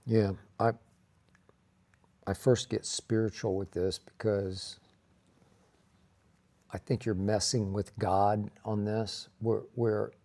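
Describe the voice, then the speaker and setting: Gravelly low-voiced man co-hosting a chat. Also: flat delivery, slow, pauses often, mellow. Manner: earnest, reflective, brings faith into it. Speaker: co-host. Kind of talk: casual chat.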